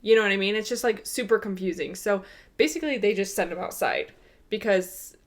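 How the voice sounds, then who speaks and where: A woman's voice: medium pitch, brisk. A woman co-hosting a podcast, telling a funny story in casual chat and laughing often as she goes. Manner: animated, laughs often while telling stories. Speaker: podcast co-host.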